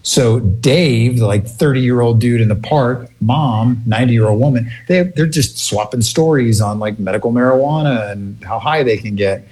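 A man telling a funny family story in a casual, animated way, laughing often. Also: medium pitch, moderate pace, few pauses.

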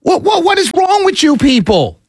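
A man's voice: very high voice, wildly swooping pitch, moderate pace, no room sound, studio quality. A man giving ranting commentary to his audience, exasperated and incredulous, often stammering and laughing in disbelief. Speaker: political commentator.

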